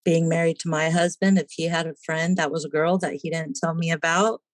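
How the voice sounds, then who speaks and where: A woman with a lowish voice recounts her own story on a podcast in a casual, animated way. She slips into the voices of the people she describes. The sound is close and dry, with no room around it. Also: brisk, no echo. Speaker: podcast guest. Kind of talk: personal storytelling in a casual interview.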